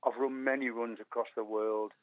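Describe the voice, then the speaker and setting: A man's voice: mid-range voice, flat delivery, moderate pace, a little hiss or hum. An older man with a Black Country accent, phoning into a radio show and telling his story in an eager, rambling way. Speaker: guest runner. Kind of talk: phone-in radio chat. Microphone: telephone. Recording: tinny phone line.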